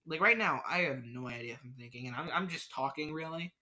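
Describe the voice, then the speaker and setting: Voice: mid-range voice, fast talker, pushed and bright. A podcast host, rambling through an unscripted solo rant, stammering and restarting sentences often.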